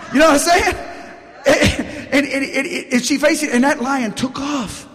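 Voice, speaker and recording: A pastor delivers a sermon from the pulpit of a church sanctuary in a fairly high voice, unhurried yet animated. His call-and-response style keeps asking the congregation "Amen?", and his words carry a long reverb through the large hall.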